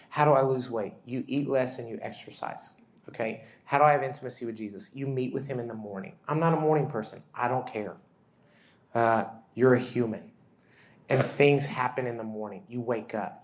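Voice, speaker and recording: A man in his thirties giving a sermon-style talk at a conference, telling stories animatedly and joking at his own expense. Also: medium pitch. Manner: animated storyteller, self-deprecating humor, acts out quotes. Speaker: conference speaker.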